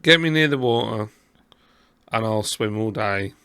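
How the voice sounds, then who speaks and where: A man's voice: lowish voice, lively intonation, a little slow, bright, forceful tone, smooth, dry recording, clean studio sound. A man with a southern English accent hosting a casual podcast chat, talking in a rambling, self-deprecating way. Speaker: podcast host.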